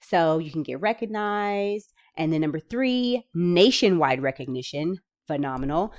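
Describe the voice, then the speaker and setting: A woman reading out grant details and breaking in with chatty, excited commentary for her viewers. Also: low-pitched. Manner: enthusiastic, chatty asides, bursts of excitement. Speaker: small business funding vlogger.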